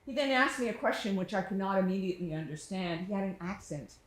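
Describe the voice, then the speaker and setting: A woman's voice: medium pitch, animated. Woman telling a tender story on stage. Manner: tender, reflective, lingering pauses. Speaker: solo performer. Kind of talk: theatrical storytelling monologue. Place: small studio theater stage. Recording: echoey theater room.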